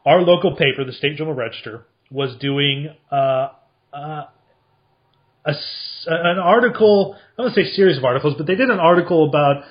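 A man's voice: on the high side, moderate pace. Chatty man, dull lo-fi recording. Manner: rambling, chatty, many fillers and restarts. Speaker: podcast host answering listener mail. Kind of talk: casual storytelling.

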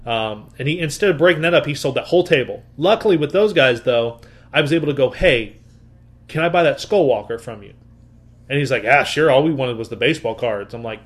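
A man telling a story in casual chat, acting out what people said and swearing freely. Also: mid-range voice. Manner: animated, swears, acts out quotes.

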